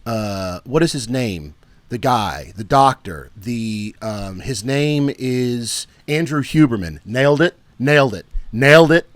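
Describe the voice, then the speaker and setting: A man's voice: medium pitch, lively intonation, slow pace, no room sound. Tired young man rambling on a podcast. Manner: rambling, joking, trails off with fillers. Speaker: podcast co-host. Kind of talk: casual podcast banter.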